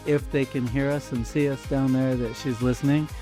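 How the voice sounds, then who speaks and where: A man's voice: medium pitch, steady tone, moderate pace, music in the background. A man hosting a podcast, sincere and close to tears as he talks. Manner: emotional, sincere, near tears. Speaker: podcast host. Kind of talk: casual podcast chat.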